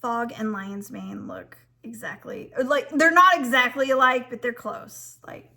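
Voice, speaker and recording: Slow-talking bright-voiced woman. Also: fairly high pitch, gravelly. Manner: chatty, with frequent ums and restarts. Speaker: fabric designer and shop owner. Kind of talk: casual chat to viewers.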